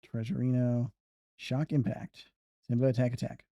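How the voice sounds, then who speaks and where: A man's voice: medium pitch, level tone, normal speed, dark tone, dry recording, studio quality. A man streaming a video game, muttering plans and humming to himself as he plays. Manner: muttering, humming to himself while planning moves. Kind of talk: casual gameplay commentary.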